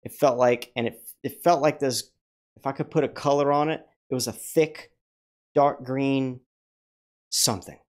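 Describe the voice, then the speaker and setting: A man in a middle pitch hosts a casual livestream. He rambles through personal stories with frequent restarts and the odd curse. He slips into other people's voices as he tells them. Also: moderate pace. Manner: animated, acts out the voices of people in his stories. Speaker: livestream host.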